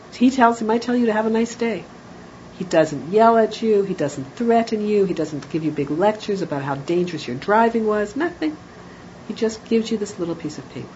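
Woman parenting educator, calm explanatory lecture, lowish voice, muffled lo-fi recording. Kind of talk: spoken lecture. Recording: dull lo-fi audio with faint noise.

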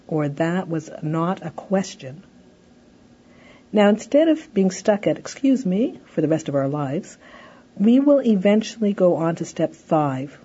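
Husky, mellow woman giving a lecture. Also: sits low, lo-fi sound. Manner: explanatory, conversational, fills with "you know". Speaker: parenting educator. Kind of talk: recorded lecture.

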